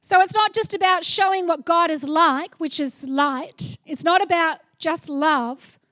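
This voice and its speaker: Very high-voiced woman preaching. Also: unhurried, dry recording, clean studio sound. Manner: animated, playful, acts out little scenes in funny voices. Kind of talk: sermon.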